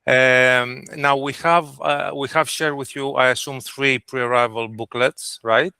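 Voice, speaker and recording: A man's voice: mid-range voice, steady tone, measured pace, vocal fry, sharp tone, smooth, no echo. A man, a trip planner briefing clients on a video call, earnest and hesitant with fillers.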